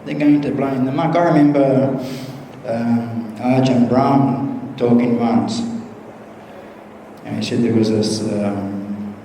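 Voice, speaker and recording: A man's voice: medium pitch, steady tone, slow, dark tone, slight background noise. A man who is a Western Buddhist monk, giving an informal humorous Dhamma talk full of anecdotes and acted-out dialogue in a large temple hall. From Western country. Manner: humorous, chuckling at his own stories, acts out dialogue. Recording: echoey hall recording with faint room ambience.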